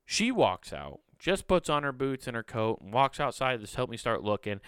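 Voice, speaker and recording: A man's voice: medium pitch, sing-song, normal speed, a bit bright, clear, resonant tone, no room sound, studio quality. A young man hosting a podcast, telling a story in an exasperated, profane rant. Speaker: podcast host. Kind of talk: casual solo storytelling.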